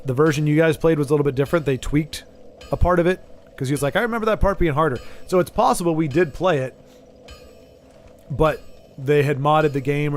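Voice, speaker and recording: A man's voice: on the high side, slight background noise. A man streaming a game, chatting casually with his viewers and often stammering and restarting his sentences. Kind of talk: casual live-stream chat while gaming.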